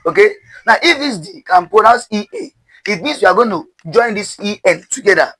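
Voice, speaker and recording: A man's voice: sits high, animated, fairly quick, fairly bright tone, husky, rough recording. A man teaching English pronunciation step by step, spelling words out letter by letter, asking questions and having listeners repeat. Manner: repetitive, drilling, asks questions and has listeners repeat.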